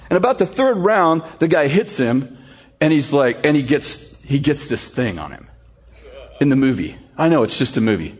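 A man preaching a sermon, telling a story with animated, sarcastic humor before reading scripture. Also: medium pitch, normal speed, a little hiss or hum. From United States. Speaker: pastor.

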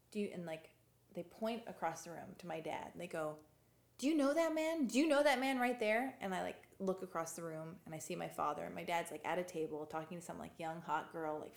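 A woman's voice: deep voice, vocal fry. A woman speaks with a slight lisp, rambling through a personal story in a loose, chatty way. She leans heavily on filler words as she goes. The sound has a noticeable roomy echo. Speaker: guest. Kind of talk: casual interview storytelling.

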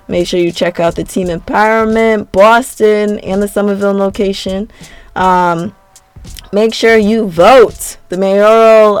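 A woman's voice: mid-range voice, clean tone, no echo. A young adult woman, a podcast host and teacher, talking in a chatty, laughing, sentimental way. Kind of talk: casual podcast sign-off.

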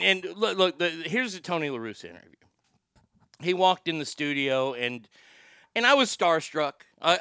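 Middle-aged male host from Texas, higher-pitched and gravelly, swears freely, tells rambling stories in a dry room. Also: dry recording. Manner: profane, animated, rambling storyteller. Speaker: podcast host, former sports broadcaster. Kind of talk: casual storytelling monologue.

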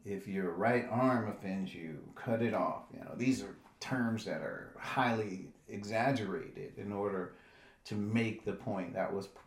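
A man's voice: lowish voice, a little slow, roomy sound. A man teaching a Bible study in a conversational way, often repeating words and checking in with "right?".

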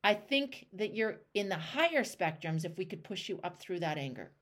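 A woman hosts a one-on-one coaching call in a voice of middling pitch. She talks emphatically, acting out the inner voices of the people she coaches, and swears casually. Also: animated, normal speed, fairly bright tone. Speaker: life coach and show host.

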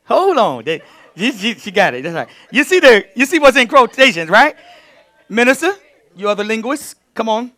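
High bright voice, pastor guy preaching, gets loud then soft again. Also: normal speed. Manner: animated preaching, swings from quiet asides to loud emphatic bursts. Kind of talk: teaching sermon.

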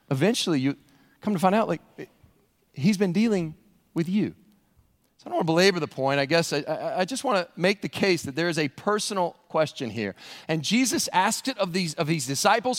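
A man's voice: high voice, expressive, fairly quick. Male pastor, conversational sermon, echoing church hall. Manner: conversational, repeats words when pressing a point. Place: church sanctuary. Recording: long hall reverb in church.

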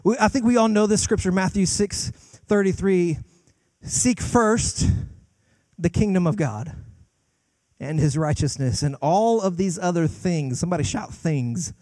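Guest pastor, young man, high-pitched, emphatic sermon delivery, trips over his openings, close dry sound. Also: mellow, no room sound. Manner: emphatic, swings from fast bursts to slow drawn-out lines; repeats words when starting sentences.

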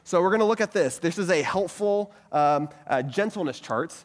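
A man's voice: high-pitched, lively intonation, normal speed. A man giving a sermon-style teaching talk, asking many rhetorical questions and repeating a catchphrase. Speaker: pastor teaching a group. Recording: long reverb of a hall.

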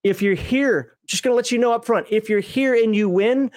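High-voiced man hosting a casual stream. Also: normal speed, no echo, clean studio sound. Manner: rambling and joking, chuckling often. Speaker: podcast host. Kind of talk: casual live-stream chat.

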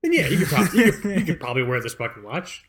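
Joking, foul-mouthed man with a slightly high voice. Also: fast talker. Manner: joking, profane, excitable reactions. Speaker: podcast co-host. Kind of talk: casual chat.

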